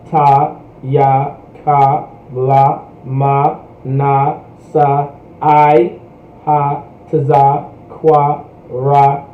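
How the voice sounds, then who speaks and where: A man teaching a language class, talking casually and checking in with "right?" after nearly every phrase. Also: high voice. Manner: repeats "right?" and "all right?" constantly. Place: US, Hampton Roads area. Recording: roomy, dull livestream audio.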